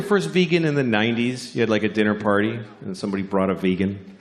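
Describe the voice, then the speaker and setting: A man doing a stand-up comedy set, telling stories in a deadpan, unhurried way and jumping into high character voices. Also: slight background noise. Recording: live venue with audience laughter.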